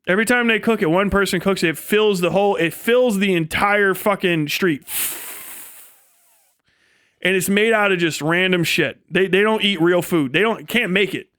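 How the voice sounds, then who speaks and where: High-voiced man in a profane comedic rant. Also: moderate pace, a bit bright, clear, resonant tone, dry recording, clean studio sound. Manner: profane, rambling, mocking. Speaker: livestream host. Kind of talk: comedic rant on a live stream.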